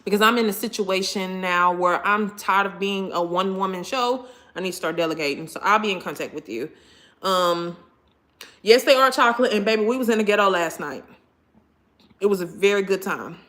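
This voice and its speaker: Animated woman chatting to live viewers. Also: medium pitch, a little fast. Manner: animated, expressive, slangy. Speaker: live-stream host. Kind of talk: casual chat with live viewers.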